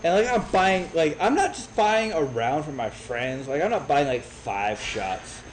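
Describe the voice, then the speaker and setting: A man in his thirties telling a brash, profane story in a casual, animated way. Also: on the high side, a little slow, slight background noise, poor audio. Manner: brash, profane, animated retelling with quoted voices. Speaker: streamer.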